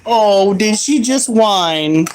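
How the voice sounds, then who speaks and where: Man, slightly high voice, unhurried delivery, casual livestream host who yells at his dogs between chat replies. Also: lively intonation, a little hiss or hum, rough recording. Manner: scolds his dogs loudly, reads chat aloud. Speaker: pet livestreamer.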